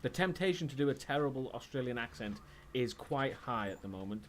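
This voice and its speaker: A man's voice: medium pitch, lively intonation, a little fast, slight background noise. A man with a British accent tinged with Welsh, chatting and swearing his way through a horror game on a live stream. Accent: British, slightly Welsh. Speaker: gaming streamer.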